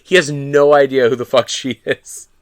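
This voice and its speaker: A man's voice: medium pitch, flat delivery, moderate pace. A man co-hosting a podcast, chatting casually, joking crudely and laughing often. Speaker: podcast co-host. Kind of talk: casual chat.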